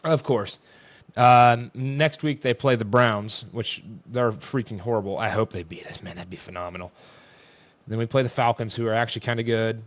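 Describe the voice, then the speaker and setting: A man's voice: medium pitch, moderate pace. A young man hosting a casual sports rant, exasperated and rambling as he vents. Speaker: host.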